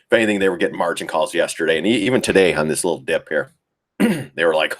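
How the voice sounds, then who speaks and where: A man's voice: rumbling low, fast. A man hosting a live trading stream, chatting casually about charts, laughing often and mimicking panicked traders. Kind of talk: casual live market commentary.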